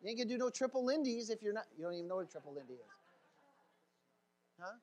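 A man preaching a sermon in a fiery, folksy way, with sudden shouts and laughter. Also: high voice, animated, quick pace. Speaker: pastor.

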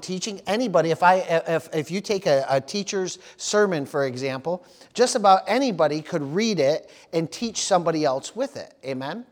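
A man preaching a sermon as pastor, often stopping for amen, praise the Lord and hallelujah, repeating words as he goes. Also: sits high. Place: church service.

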